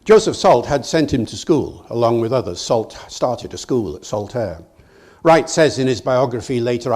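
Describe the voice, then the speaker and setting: A man's voice: mid-range voice, moderate pace, breathy edge. Older male lecturer telling a story. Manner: storytelling, lively, addresses audience directly. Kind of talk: public lecture.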